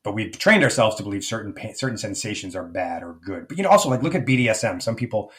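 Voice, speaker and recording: A man's voice: on the low side, animated, quick pace, a bit bright. A man speaking as a life coach guest in a podcast interview, reflective and rambling, with many fillers and restarts.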